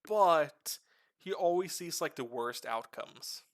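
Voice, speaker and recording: A man streams live, explaining game lore to a friend in a casual, animated way and swearing casually. His voice is a little high, and he takes it slowly.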